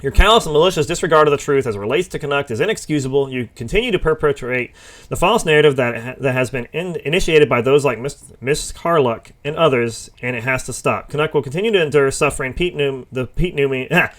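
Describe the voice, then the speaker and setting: A man's voice: medium pitch, fast, a bit bright. A man hosting a commentary show, reading legal letters aloud and breaking off to react, laugh and get heated. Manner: informal, stops to react and laugh, gets heated. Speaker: commentary host. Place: home or office.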